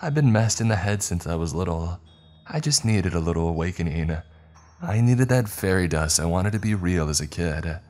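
A man's voice: deep voice, animated, moderate pace, a little mellow, soft background music. A man voicing a gleeful, cruel teenage girl who taunts in a sing-song, giggling way. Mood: taunting.

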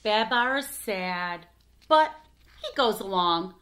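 A woman reading a picture book aloud for children, expressive, with asides to her listeners. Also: medium pitch, slow, slight background noise. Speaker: storytime reader.

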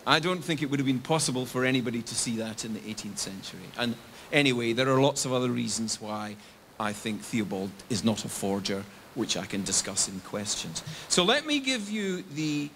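A man's voice: mid-range voice, lively intonation, moderate pace, fairly bright tone, a little hiss or hum. An older man from England giving a public university lecture, explaining step by step and answering his own questions. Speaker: guest lecturer.

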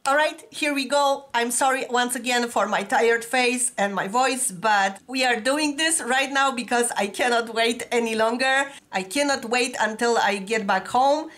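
High-voiced woman with a stuffy cold. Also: moderate pace, hardly any pauses, soft background music. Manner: gushing, excitable, rambling. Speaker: music video reactor. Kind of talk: casual reaction vlog.

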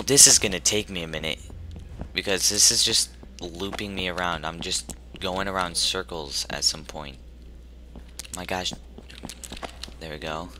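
Man, horror let's play, nervous self-talk, very low but bright and forceful voice, faint hiss. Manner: jumpy, nervous self-talk with sudden loud outbursts. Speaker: gaming YouTuber.

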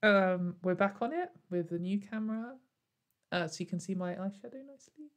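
Woman, young adult, sarcastic, laughing, rambling vlog commentary, mid pitch. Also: animated, normal speed. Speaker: YouTuber. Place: at home in front of a camera.

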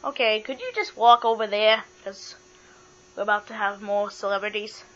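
A woman's voice: medium pitch, moderate pace, fairly bright tone. A woman hosting a pretend toy talk show, giving matter-of-fact answers and bossy instructions. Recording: dull lo-fi with mains hum.

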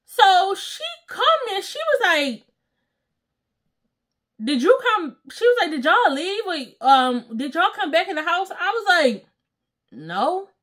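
A young woman tells a story to her viewers, and her voice sits high and swoops up and down. She acts out each quote with loud exclamations and slang. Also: very animated, unhurried. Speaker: storytime vlogger. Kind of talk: casual storytelling.

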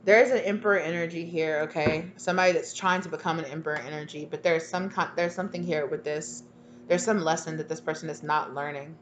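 A woman reading tarot cards in a loose, chatty way, slangy and sassy. Her voice sits fairly low, and she teases herself as she goes. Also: steady tone, fast, background noise. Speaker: tarot reader. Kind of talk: casual channeled tarot reading.

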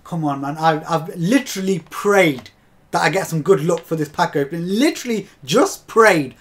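A man's voice: fairly high pitch, expressive, normal speed, soft background music. Chatty gaming guy, exasperated. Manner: chatty, exasperated, laughs through disappointment. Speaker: gaming video host. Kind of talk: casual pack-opening commentary.

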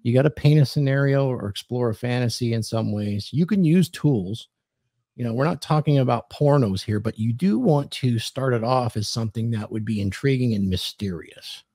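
A man's voice: medium pitch, moderate pace, dark tone, husky, no room sound, studio quality. A man hosting a podcast, giving dating advice in casual chat and acting out quoted lines in a commanding tone.

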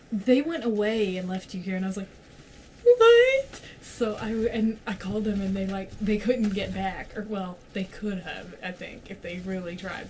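Young woman rambling on, lots of "like", swears a bunch, faint hiss behind. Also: fairly low pitch. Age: young adult. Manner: rambling, peppered with "like", swears freely. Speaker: storyteller among friends. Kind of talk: casual chat.

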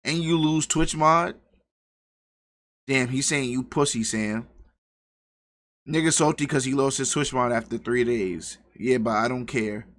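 Bright-voiced young man streaming. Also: medium pitch, a little slow, pauses often. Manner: slangy, profane, excitable outbursts. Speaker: livestream host. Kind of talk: live reaction commentary.

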